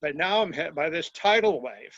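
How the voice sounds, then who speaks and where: An older man calling in to a coaching call, speaking in a measured, reflective way. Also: a little high, animated, a bit bright, no room sound, dull audio.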